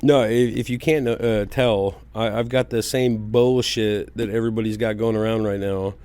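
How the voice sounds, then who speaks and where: A man's voice: on the low side, fairly even intonation, moderate pace, a little mellow, clear, resonant tone. A man co-hosting a podcast, laid-back and profane, joking in casual banter. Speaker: podcast co-host. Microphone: studio podcast mic.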